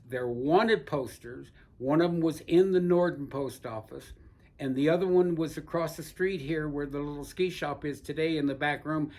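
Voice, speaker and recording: An older man telling rambling, folksy stories from his past in an oral history interview, with frequent restarts. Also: fairly high pitch. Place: seated indoors in a barber chair.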